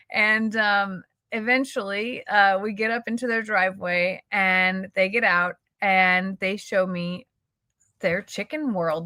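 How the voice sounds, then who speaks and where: A woman's voice: mid-range voice, sharp tone, no echo. A woman telling a personal story in a casual, emotional, chatty vlog style, quoting the people she met. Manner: chatty, emotional, quotes people in her stories. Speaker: YouTuber.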